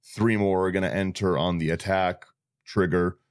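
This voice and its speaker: Man, very low voice, dry close mic, casual podcast chat, stop-start phrasing. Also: fairly even intonation, no room sound. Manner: halting, repeats words, talks through game strategy. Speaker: podcast co-host. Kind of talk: casual group chat about a card deck.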